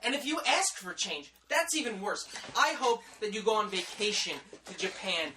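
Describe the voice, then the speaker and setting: A man's voice: high-pitched, expressive, moderate pace, pushed and bright, slight background noise. A man in his thirties, co-hosting a podcast, delivering a vulgar, over-the-top comedic rant. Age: 30s. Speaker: podcast co-host.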